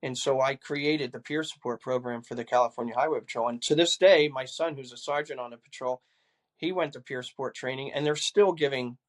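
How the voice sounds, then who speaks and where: A man's voice: mid-range voice, a little fast. An older man, a retired police chief, earnestly recounting personal experiences in a conversation, often repeating words as he goes.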